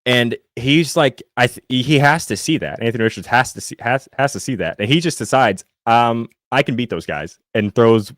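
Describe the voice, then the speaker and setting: A young man from Indiana co-hosting a podcast, chatting casually about football and fast food and reading the live chat, rambling with many fillers and restarts. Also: medium pitch, a bit bright, dry recording, clean studio sound. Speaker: podcast co-host.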